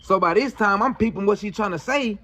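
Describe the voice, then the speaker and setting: Casual male storyteller, high-pitched, slangy and animated. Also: a little fast. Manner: slangy, animated retelling with lots of fillers.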